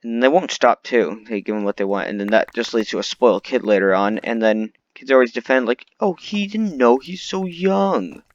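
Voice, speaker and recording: A man's voice: on the low side, brisk, few pauses, muffled recording. A man delivering an unscripted, rambling rant full of complaints, often restarting his sentences. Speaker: vlogger.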